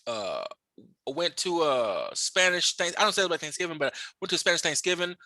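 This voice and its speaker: A man's voice: a little high, big pitch swings, brisk, sharp tone, dry recording. A man hosting a podcast, telling rambling, profane stories in casual chat, with frequent restarts and fillers. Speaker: podcast host interviewing a guest.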